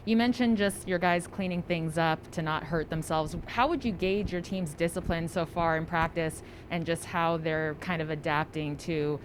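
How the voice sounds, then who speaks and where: Low-voiced woman reporter asking a question. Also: moderate pace, few pauses, a little hiss or hum, rough recording. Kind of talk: press question.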